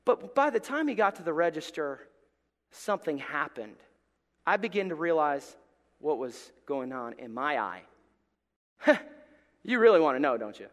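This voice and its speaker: A man from Alabama with a Southern accent, preaching a sermon in a church and telling a story, moving from hushed tones to loud bursts. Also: on the high side, a little slow, pauses often, in a large hall. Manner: animated, swings from hushed to loud, acts out voices. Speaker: pastor. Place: church sanctuary.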